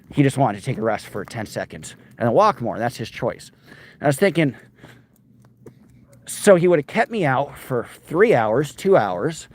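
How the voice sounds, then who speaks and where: A man's voice: medium pitch, darkish tone. Rambling man chatting on a walk. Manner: rambling, self-interrupting, wry. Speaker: vlogger, former news anchor. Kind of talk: casual walking vlog chat, answering viewer comments. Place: outdoors on a cold walk.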